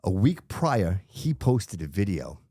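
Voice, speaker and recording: A man's voice: low voice, big pitch swings, takes it slowly, warm tone, dry recording. Man in his 50s, podcast host, storyteller type, talks straight to listeners, dry close sound. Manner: storytelling, addresses listeners directly. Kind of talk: casual interview chat.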